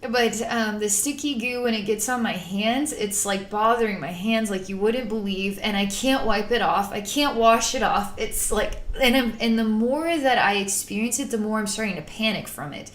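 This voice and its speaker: A woman's voice: mid-range voice, moderate pace, few pauses, reverberant. A woman psychic talking through a spiritual healing session in a rambling, emotive way, at times acting out panicked voices. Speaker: psychic channeler.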